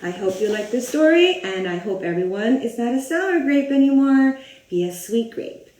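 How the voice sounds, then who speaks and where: A woman reading a picture book aloud to children, animated, gasping and asking the listener questions. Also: a little high, moderate pace, far from the mic. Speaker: storybook reader for children. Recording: roomy echo.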